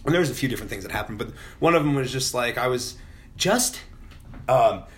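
A man's voice: medium pitch, lively intonation, fairly quick. A middle-aged man telling a personal story in a casual podcast chat, candid and full of swearing. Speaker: podcast guest.

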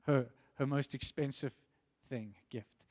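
A man's voice: medium pitch, steady tone, takes it slowly, a little mellow. A man preaching a sermon in an earnest way, often repeating words as he builds emphasis.

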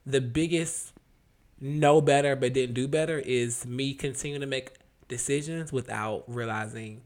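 A man's voice: mid-range voice, fairly even intonation, measured pace. A young man co-hosting a podcast, speaking frankly and reflectively in a casual chat, often restarting his sentences. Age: young adult. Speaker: podcast co-host.

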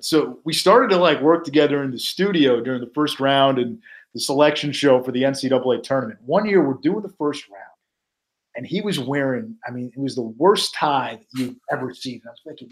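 A man's voice: mid-range voice, brisk. A man, a sportscaster guest on a podcast, telling casual stories and acting out what his colleagues said. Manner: animated anecdotes, acting out quoted colleagues.

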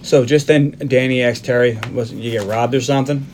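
A man's voice: medium pitch, steady tone, a little fast. Casual man recapping a film. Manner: narrates scenes, acting out quoted lines, swears casually. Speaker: podcast host. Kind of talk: casual movie recap chat.

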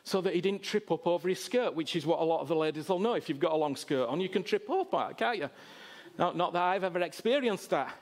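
A man preaching a sermon, swinging between loud, impassioned exhortation and quiet, intimate asides. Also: high-pitched, expressive, a little fast.

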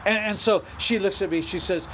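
A man's voice: sits high, moderate pace, noisy background. A middle-aged male pastor preaching a sermon, emphatic, repeating phrases and rising into bursts of exhortation.

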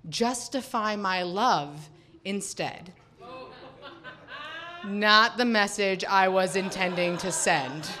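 A woman's voice: fairly low pitch, fairly bright tone. Wry woman telling a personal story. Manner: wry, confiding, with laughing asides.

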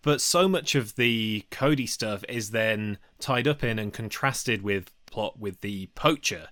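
A man's voice: on the low side, unhurried, a bit bright, no echo. A man co-hosting a film podcast, chatting bluntly and giving frank opinions in casual discussion. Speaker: podcast co-host.

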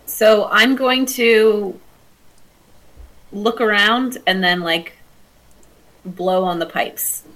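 A woman's voice: medium pitch, extremely slow, long pauses, a bit bright, rough recording. A woman player in a tabletop game, talking hesitantly with many fillers. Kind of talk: tabletop role-play chat.

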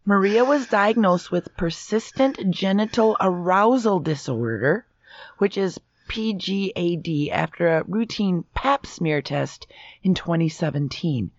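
A woman's voice: fairly low pitch, animated, a little slow, no echo, highs cut off. Giggly woman reading a story aloud. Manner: reads the story aloud, laughing often. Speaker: co-host reading a news story. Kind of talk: comedic podcast banter.

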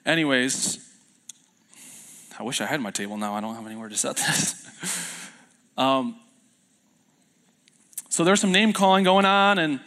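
A man's voice: mid-range voice, fairly bright tone. Casual, joking young man preaching. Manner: casual, self-deprecating storytelling with many fillers and restarts. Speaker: pastor. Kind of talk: sermon. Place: church sanctuary.

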